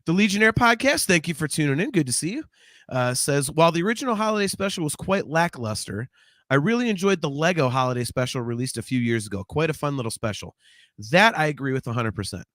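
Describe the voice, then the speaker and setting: Male podcast host, bright tense voice, giggly, reads comments aloud. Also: on the high side, lively intonation, fast, dry recording, studio quality. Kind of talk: casual podcast chat.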